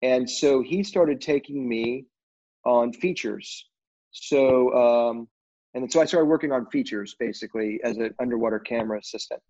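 Speaking at a moderate pace in a mellow, mid-range voice, the middle-aged film crew guest rambles casually through a story peppered with "you know." The recording is dull and lo-fi.

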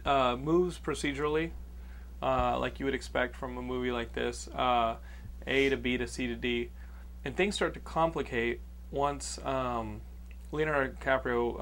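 Reviewing a movie in a casual podcast chat, a man from Texas rambles with lots of fillers and some swearing. His voice is mid-range and a bit bright, and there's slight background noise.

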